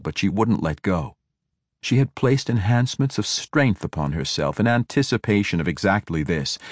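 Deep-voiced male audiobook narrator. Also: no echo, studio quality. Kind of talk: scripted fantasy audiobook narration.

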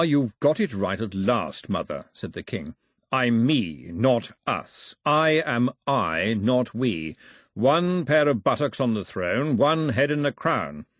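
A man voicing a newly crowned king who speaks in a slow, deliberate, commanding way, in an audiobook reading. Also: medium pitch, no room sound, studio quality. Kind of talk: audiobook character voice.

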